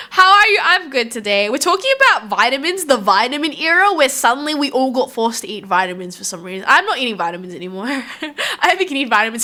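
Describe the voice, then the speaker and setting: An Australian woman chatting with her viewers in a live stream, rambling loosely from thought to thought and laughing often. Her voice sits high and bright, and it swings up and down with lots of life. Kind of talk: casual chat with viewers.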